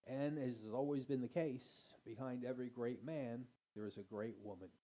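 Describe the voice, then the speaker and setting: Man, mellow voice, earnest church introduction. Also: mid-range voice, fairly even intonation, moderate pace, poor audio. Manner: earnest, admiring. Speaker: church member introducing the speaker. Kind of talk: heartfelt spoken introduction.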